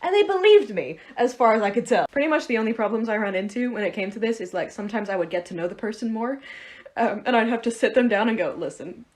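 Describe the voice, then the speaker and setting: Fast-talking Irish woman with an American accent. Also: a little high, expressive. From Ireland. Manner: chatty, self-mocking. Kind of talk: casual storytelling to camera.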